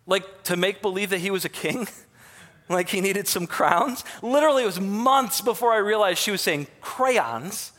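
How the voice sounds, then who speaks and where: The high-pitched, somewhat bright voice belongs to a thirtyish pastor from Michigan who speaks with that state's accent at a normal pace and with lively intonation. His sermon, echoing through a church sanctuary's long reverb, is homespun and self-mocking, full of fillers and restarts.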